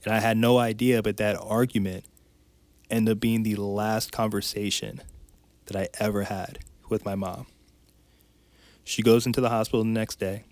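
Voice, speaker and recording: A man appears as a podcast guest and life coach, telling a personal story in conversation, frank and heartfelt, his phrases tumbling out with restarts. His voice is fairly low and a little mellow, level in tone, at a moderate pace with frequent pauses. The sound is dry and close with no echo.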